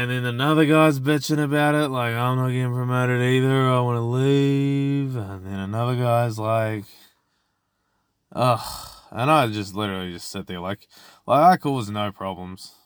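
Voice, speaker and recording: A man's voice: medium pitch, smooth, dry recording, studio quality. A man, hosting a podcast alone and venting about work in a rambling, profane way. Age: 20s. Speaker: podcast host. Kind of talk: casual solo podcast rant.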